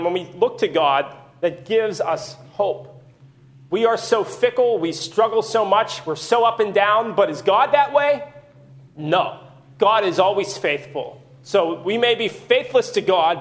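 Preacher, male, high voice, earnest measured sermon delivery. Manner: earnest, measured teaching with rhetorical questions.

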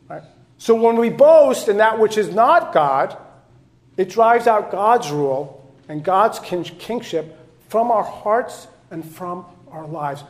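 A man preaching a sermon to his congregation, building loud, rising lists of titles and then dropping to soft, low lines. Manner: impassioned, swinging between soft low passages and loud rising repetitions. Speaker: pastor.

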